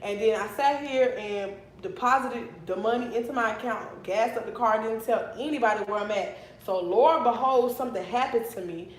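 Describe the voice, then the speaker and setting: A young woman telling a storytime on a livestream, animated and blunt, swearing freely. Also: a little high, moderate pace, few pauses, slight background noise. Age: young adult. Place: her apartment, indoors. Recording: echoey room.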